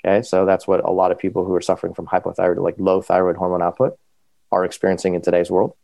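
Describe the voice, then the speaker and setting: A man's voice: low voice, creaky, no room sound. A man telling his own story as a podcast guest, casually and animatedly, with lots of fillers. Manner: animated, quick, full of fillers.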